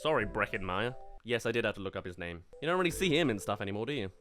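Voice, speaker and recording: A man's voice: fairly low pitch, expressive, rapid-fire, fairly bright tone, soft background music. A young man giving a comedic, sarcastic film review commentary. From United Kingdom. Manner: sarcastic and wry.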